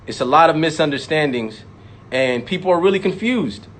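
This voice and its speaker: At normal speed, a man with a fairly high, expressive, bright voice launches into a rapper's fiery, expletive-laced monologue. He hammers lines through repetition and parodies imagined critics with sudden voice switches.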